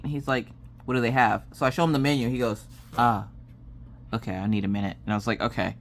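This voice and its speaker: A Southern American woman in her thirties chatting casually, acting out family members' lines in an exasperated storytelling manner. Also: quick pace. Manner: animated, acts out family members' lines with big pitch jumps and exasperated whispers. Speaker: craft vlogger.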